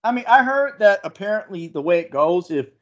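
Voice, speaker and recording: A man's voice: high voice, big pitch swings, fairly quick, lo-fi sound. A man co-hosting a podcast, telling a story in a casual chat. He acts out the voices of the people he quotes and swears freely. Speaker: podcast co-host.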